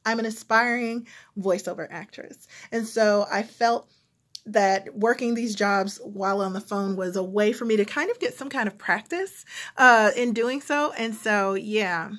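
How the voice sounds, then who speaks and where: A woman vlogger with a General American accent, talking casually and reflectively to her viewers, pausing with frequent ums. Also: medium pitch, fairly bright tone. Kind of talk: casual talk to camera.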